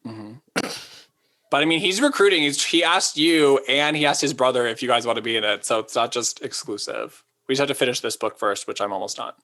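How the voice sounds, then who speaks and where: A man co-hosts a casual podcast chat, rambling with lots of quick asides and saying "like" a lot. His medium-pitched voice is bright with a forceful tone.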